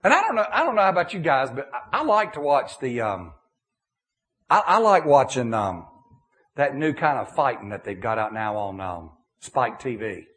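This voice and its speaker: A middle-aged man preaching a sermon in a folksy, animated way, checking in with his listeners and answering their questions. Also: medium pitch, normal speed. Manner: animated, folksy, many restarts and "okay?" checks.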